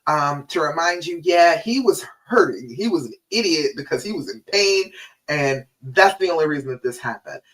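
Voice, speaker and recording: A woman's voice: low-pitched, animated, moderate pace, recorded from a distance, low-quality recording. A woman relationship coach giving a live-streamed talk, emphatic and direct, repeating her key points.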